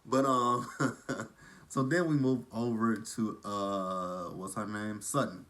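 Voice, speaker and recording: A man's voice: fairly low pitch, fairly even intonation, slow pace, a bit bright. A man from Texas with a southern drawl, gossiping casually as he recaps a reality show. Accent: Texan. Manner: chatty, gossipy, shady asides.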